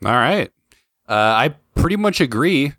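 A man hosting a casual podcast chat, relaxed and swearing freely as he leads the ratings. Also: medium pitch, measured pace, dry recording, studio quality. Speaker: podcast host.

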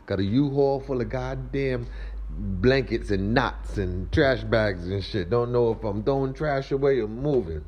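A man's voice: a little slow, muffled recording, a little hiss or hum. A man, rambling and ranting with profanity as he walks around his house. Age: 30s. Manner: animated, ranting, profane, swings between high squeals and low mumbles. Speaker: vlogger. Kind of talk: rambling comedic monologue.

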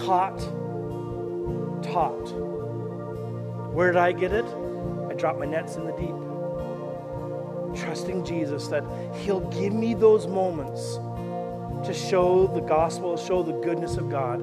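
A middle-aged man preaching a sermon as pastor, telling stories in an animated way and acting out the quotes. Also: sits high, slow pace, long pauses, big-room sound, loud music behind the voice. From Canada. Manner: animated storytelling, acts out quotes. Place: church service.

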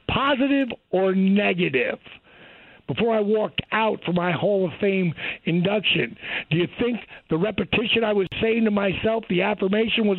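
An older man, a guest who was once a pro wrestler, telling stories in an animated way and acting out what people said, with a husky voice. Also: sits high, no echo, narrow, tinny audio. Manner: animated, repeats himself, acts out quotes. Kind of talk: casual interview storytelling.

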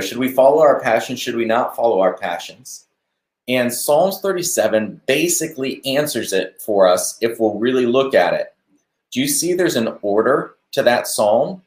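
A man hosting a live stream, giving a relaxed devotional talk on a verse and chatting to viewers as they comment. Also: medium pitch, roomy sound. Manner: conversational, warm-hearted preaching with asides to viewers.

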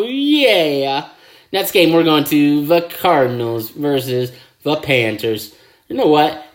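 Slow-talking excitable man hosting football picks. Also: on the high side. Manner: excitable, with "oh yeah" catchphrases and mouth sound effects. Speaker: show host making football picks. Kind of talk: casual sports picks video.

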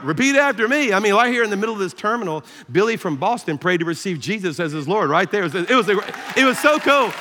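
A man with a Southern American accent preaching a sermon as pastor, telling a story in an animated, self-deprecating way and laughing often. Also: high-pitched, a little hiss or hum. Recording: echoey hall reverb.

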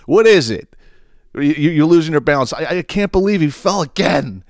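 A man's voice: a little high, moderate pace, dry recording, studio quality. A man hosting a podcast, ranting casually with lots of swearing and mocking laughter. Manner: profane, mocking, animated with laughs. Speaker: podcast host.

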